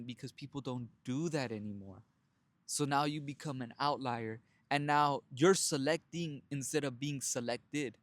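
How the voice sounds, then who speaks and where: A man's voice: mid-range voice, dry recording. A young man telling his own story in a casual motivational monologue, blunt and profane, calling his listeners brothers and laughing often. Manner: animated storytelling with frequent laughs. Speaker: self-help vlogger.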